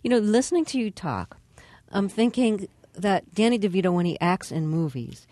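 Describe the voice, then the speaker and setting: Low-voiced woman asking measured questions. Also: a little mellow, no room sound. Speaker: interviewer. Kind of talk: radio interview.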